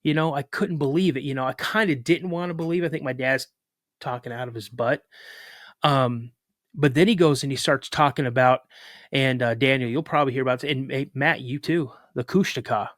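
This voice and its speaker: A man who is a guest on a podcast, telling a story in a relaxed, chatty way. His voice sits at an ordinary middle pitch, and he keeps circling back with fillers and restarts. The recording is dry and close, with no room sound. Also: a little fast, no room sound. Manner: lively retelling with filler words and restarts. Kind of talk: casual spoken storytelling.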